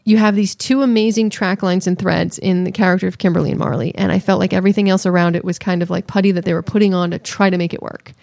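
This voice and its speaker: A woman co-hosting a casual podcast, playful and quick to laugh as she reviews a film. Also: fairly low pitch, fairly even intonation, gravelly, a little mellow, no room sound. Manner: playful, laughs often, breaks into sung bits. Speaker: podcast co-host. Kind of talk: casual chat.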